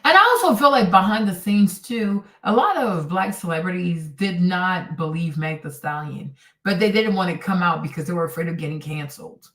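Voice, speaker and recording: A woman's voice: lowish voice, moderate pace, hardly any pauses, fairly bright tone. A woman hosting a livestream, giving blunt, exclamatory commentary as she reacts to clips. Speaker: host. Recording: roomy and distant from the mic.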